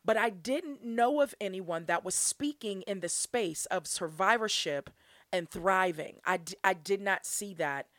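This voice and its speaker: A young woman hosts her own podcast in a solo monologue, her medium-pitched, slightly bright voice unhurried. The studio-quality audio has no echo, and she speaks earnestly from the heart, laughing often.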